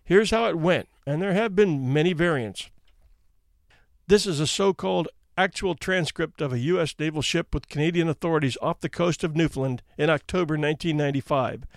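A man's voice: on the high side, creaky, no room sound. Dry, wry male storyteller. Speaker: podcast host. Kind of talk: storytelling narration.

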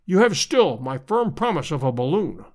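A man's voice: on the high side, very animated, moderate pace, darkish tone. A man voicing a bold, pompous professor who lectures emphatically in a storybook reading. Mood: assertive.

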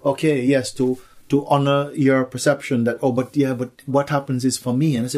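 A man's voice: medium pitch, flat delivery, moderate pace, few pauses, a little mellow. A man giving a spiritual satsang talk, playful, slipping into acted voices and laughter. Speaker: spiritual teacher.

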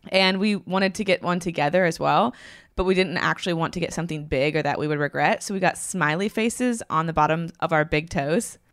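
A woman co-hosting a casual podcast over a video call, relaxed and answering with short replies. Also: sits low, brisk, dry recording, clean studio sound. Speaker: podcast co-host. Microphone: remote video call.

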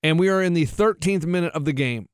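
A man, co-hosting a radio talk show and telling a story with lively delivery. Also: fairly high pitch, quick pace, clear, resonant tone, dry recording, studio quality. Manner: animated storyteller acting out a whining child. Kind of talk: casual storytelling chat.

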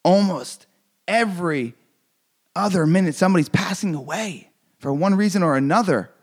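A man's voice: high-pitched, normal speed. A man giving an intense motivational speech, repeating phrases and swearing for emphasis. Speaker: motivational speaker.

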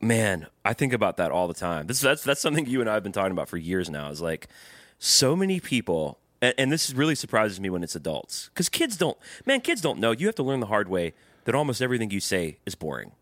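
A man co-hosting a loose comedy podcast, swinging his pitch around as he rants and mocks. His voice is bright and forward, recorded dry and close. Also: fast, dry recording. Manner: animated, mocking, swears, laughs often. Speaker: podcast co-host. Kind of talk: casual comedic chat.

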